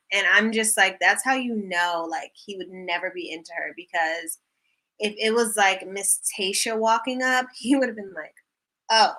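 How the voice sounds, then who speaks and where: A woman with a mid-pitched, bright voice, co-hosting a casual recap show. She sounds sarcastic and exasperated and teases her co-host. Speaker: podcast co-host.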